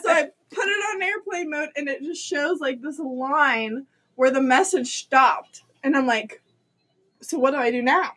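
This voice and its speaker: A young woman hosting a casual chat, telling an animated story and acting out what people said, often laughing. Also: high voice, measured pace. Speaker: host.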